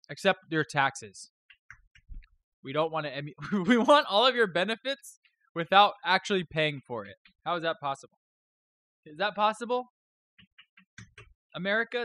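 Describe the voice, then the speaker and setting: A man hosts a live stream in loose, joking chat that drifts from topic to topic and includes some swearing. His voice is bright and forceful and sits slightly high. The sound is dry and close, with no room echo. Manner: rambling, joking, profane.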